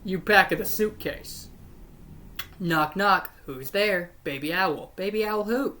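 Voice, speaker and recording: A woman's voice: mid-range voice, takes it slowly, fairly bright tone, slight background noise. A woman hosting her channel, reading jokes aloud one after another and grumbling that they are not funny. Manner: unimpressed, breaks off to grumble about the jokes. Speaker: channel host.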